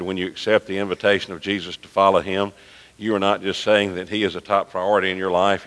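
Male pastor, deep and gravelly, preaching emphatically in a church with long reverb. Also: a bit bright. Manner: emphatic preaching with dramatic pauses and retold dialogue. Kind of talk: sermon. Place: church sanctuary. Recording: echoey sanctuary with long reverb.

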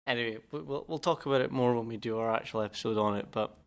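Giggly Scottish man with a gravelly voice. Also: medium pitch, fast talker. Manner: giggly, rambling, self-mocking. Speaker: podcast co-host. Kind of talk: casual chat.

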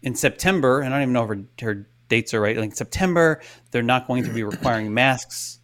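A man co-hosting a podcast, telling a story in casual chat and acting out quotes with hushed asides. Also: mid-range voice, fairly quick. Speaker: podcast co-host.

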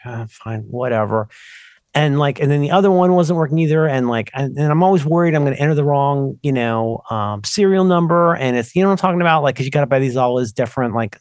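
A man's voice: mid-range voice, no room sound, clean studio sound. A man co-hosting a podcast, rambling through casual tech chat and interrupting himself often. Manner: rambling, animated, self-interrupting. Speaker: podcast co-host.

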